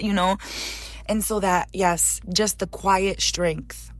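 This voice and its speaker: An older woman in an interview, a chef and author speaking in a heartfelt, halting way, close to tears at moments. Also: mid-range voice, steady tone. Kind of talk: emotional interview conversation.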